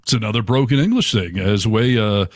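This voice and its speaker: A man's voice: lowish voice, fast. A man co-hosting a casual podcast chat, wryly reading out phrase origins and commenting. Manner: dry, wry, reads out phrase origins. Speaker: podcast co-host.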